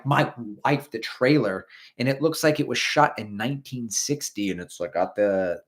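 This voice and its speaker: A man's voice: mid-range voice, a bit bright. Host, man, 40s, loose rambling live-stream chatter, reads out viewer comments. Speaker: podcast host. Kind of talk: casual live-stream chat.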